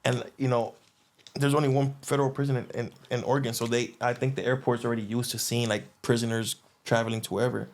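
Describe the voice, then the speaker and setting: A man's voice: mid-range voice, flat delivery, fast talker, slight background noise. A man telling a long prison story in casual, slangy talk, with many restarts and fillers, and acting out the lines of other people.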